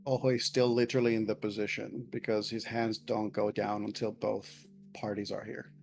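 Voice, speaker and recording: A man playing a tabletop role-playing game, deliberately laying out his character's stance and actions in detail. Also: on the low side, flat delivery, creaky. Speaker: player.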